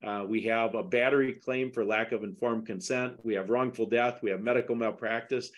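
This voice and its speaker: In a casual interview, a middle-aged man talks through a lawsuit as a podcast guest. He speaks fairly quickly in a steady, mid-range voice, stressing his points and moving into indignant questioning.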